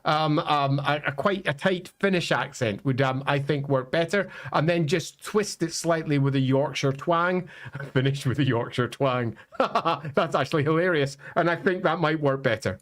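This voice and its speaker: A man's voice: on the high side, moderate pace, hardly any pauses, fairly bright tone. A man co-hosting a casual livestream, speaking hesitantly with many ums. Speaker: co-host.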